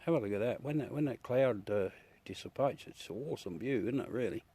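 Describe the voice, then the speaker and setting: A man's voice: medium pitch, fast, warm tone, breathy edge. An Australian man hosting a livestream, chatting casually with viewers in a rambling, easygoing way, laughing at his own jokes. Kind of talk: casual live chat. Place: at home beside a telescope.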